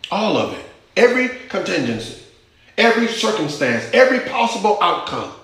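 A man preaching a sermon, teaching scripture with emphasis and asking the congregation questions. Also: high voice. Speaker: pastor. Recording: echoey church hall.

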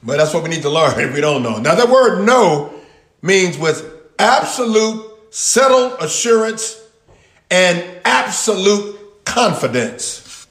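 A man teaching a Bible passage in sermon style, repeating key words with long pauses and talking back and forth with his listeners. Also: sits high, very animated, a bit bright, echoey room. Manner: talks with the audience, answers their replies. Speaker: pastor teaching a Bible study.

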